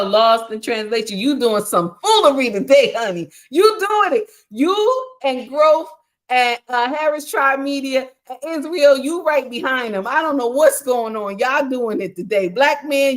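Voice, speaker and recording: A woman hosting a casual livestream on relationships, speaking in an animated, preachy way, often calling listeners honey and answering chat comments. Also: a little high, moderate pace. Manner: reacts to chat comments while talking. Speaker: livestream relationship advice host.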